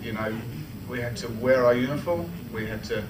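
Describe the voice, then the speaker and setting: A man's voice: mid-range voice, fairly quick. An Australian man giving a speech at a club meeting, telling a humorous personal story in a chatty way, restarting often and laughing. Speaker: club speaker. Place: meeting room. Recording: roomy hall, from far off, with noise.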